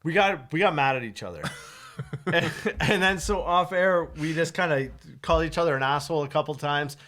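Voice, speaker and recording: A man who hosts a radio morning show, telling a story in casual chat, animated, laughing often and acting out what people said. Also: on the high side, fairly quick. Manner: animated, laughs often, acts out quoted lines.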